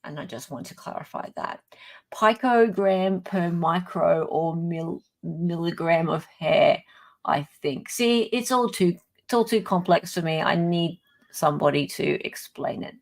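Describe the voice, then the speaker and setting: A woman's voice: on the low side, expressive, measured pace, vocal fry. A woman with an Australian accent hosting a live stream, chatting casually and laughing often. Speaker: podcast host.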